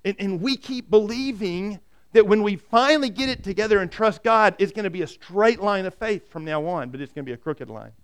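Male pastor, high clear voice, animated storytelling sermon. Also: a little fast. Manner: animated storytelling, repeats words when starting.

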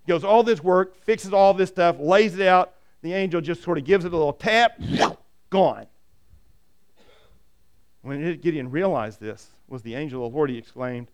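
Male pastor, high clear voice, animated storytelling sermon. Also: normal speed. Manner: animated storytelling, repeats words when starting.

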